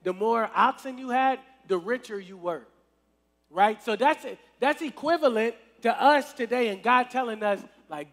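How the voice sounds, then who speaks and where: High-voiced man preaching in an echoing hall. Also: moderate pace, fairly bright tone. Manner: conversational, checks in with the crowd often. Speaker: youth minister. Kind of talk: casual youth sermon. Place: church service hall. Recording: long reverb in a hall.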